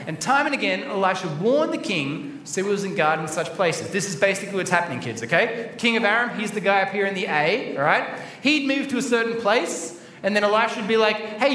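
Man, high voice, kids' Bible talk, playful storyteller; echoey hall, faint background noise. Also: sharp tone, distant mic. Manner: playful and chatty, acting out the story. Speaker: children's Bible talk presenter. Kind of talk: lively children's Bible talk.

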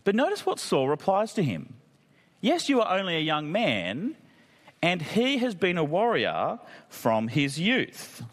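Lively man preaching in a hall. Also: high-pitched, unhurried. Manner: conversational, jokey asides. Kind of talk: sermon. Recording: long reverb of a hall.

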